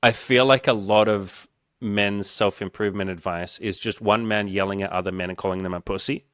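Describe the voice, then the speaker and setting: An earnest man coaching in a relaxed podcast conversation. His voice sits low and close, with a dry, dead sound and no room around it. He explains patiently and slips into voicing people's worried self-talk. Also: brisk, clear, resonant tone, no room sound. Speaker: dating coach and podcast host.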